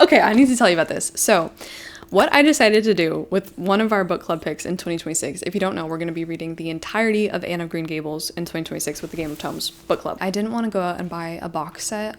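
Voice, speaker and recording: A woman in her twenties chatting excitedly to camera as a book vlogger, gushing to her viewers like friends. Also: lowish voice, a little hiss or hum. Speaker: book vlogger and book club host. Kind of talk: casual chat to camera.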